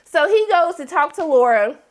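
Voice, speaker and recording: Animated high-voiced woman recapping TV. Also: moderate pace. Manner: animated, acts out characters with exaggerated reactions. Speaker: TV recap host. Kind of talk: casual TV recap.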